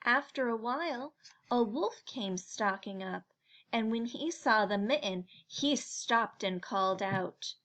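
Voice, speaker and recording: A woman reading a children's picture book aloud in a slow, gentle storytelling manner. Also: fairly high pitch, lively intonation.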